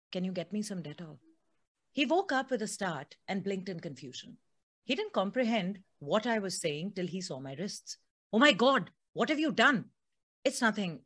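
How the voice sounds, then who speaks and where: A woman podcast host, chatting with her guest then reading a book excerpt aloud. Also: on the low side.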